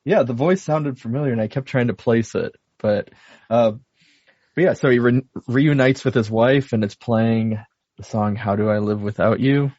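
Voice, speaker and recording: A husky-voiced man co-hosts a podcast, speaking at a middle pitch. He recaps a story in an amused way, laughing often as he goes. The audio is dry and slightly dull. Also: normal speed, a little mellow, no room sound. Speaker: podcast co-host. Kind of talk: casual chat.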